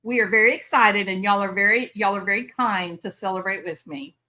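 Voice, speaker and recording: An older woman chats away on a live stream, bubbly and quick to laugh. Her voice is bright and forward, and her pitch sits in the middle. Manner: bubbly, chatty, laughs often, drawls y'all. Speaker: livestream host. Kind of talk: casual live-stream chat.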